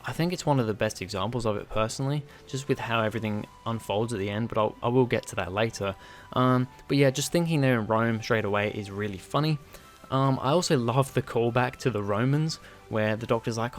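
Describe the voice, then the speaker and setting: A man's voice: medium pitch, a little fast, soft background music. A man casually reviewing a TV episode in an enthusiastic, rambling, chatty way.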